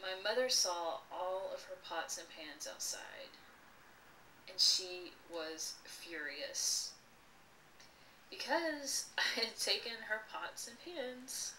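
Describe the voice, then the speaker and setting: Slow, expressive woman telling a story. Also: medium pitch. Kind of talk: personal childhood story, voiced for signing. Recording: echoey room, voice from a distance, faint noise.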